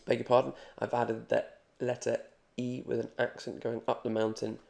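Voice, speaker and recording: A man teaching Spanish grammar in a video lesson, joking and reassuring as he repeats examples slowly. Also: medium pitch, completely flat delivery, gravelly, a little mellow.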